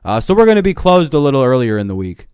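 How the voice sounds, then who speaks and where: A young man on a live stream in a heated, profane rant. His voice is smooth and clear, recorded dry and close. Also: medium pitch, big pitch swings, quick pace, darkish tone, no room sound.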